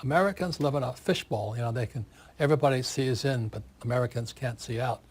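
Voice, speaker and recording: A man in his seventies, an author giving an interview, talking in an animated, forceful way and repeating words for emphasis. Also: medium pitch, fast, breathy edge. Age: 70s.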